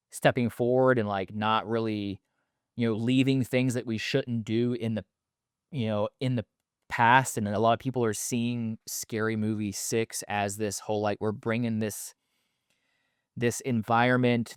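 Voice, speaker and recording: A man's voice: medium pitch, clear, resonant tone, no echo, clean studio sound. Rambling thirties man with a stutter. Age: 30s. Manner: rambling, filler-heavy, loose and candid. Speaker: podcast host. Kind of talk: casual podcast monologue.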